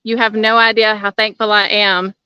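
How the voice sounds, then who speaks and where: A woman's voice: medium pitch, flat delivery, normal speed, bright, forceful tone, smooth, no echo, dull audio. Breathless woman streaming outdoors. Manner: friendly, addresses viewers as y'all. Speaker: channel host. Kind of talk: casual outdoor livestream chat. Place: outdoors by a waterfall.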